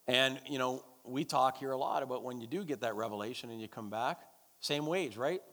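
A man's voice: medium pitch, fairly bright tone. A man preaching a sermon and leading prayer in a church, emphatic and repetitive, calling out to the congregation. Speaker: pastor. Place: church service. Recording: long church hall reverb.

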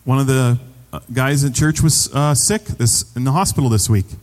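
A man's voice: medium pitch, moderate pace, a little mellow, big-room sound. A man preaching a sermon as pastor, conversational and repeating phrases for emphasis.

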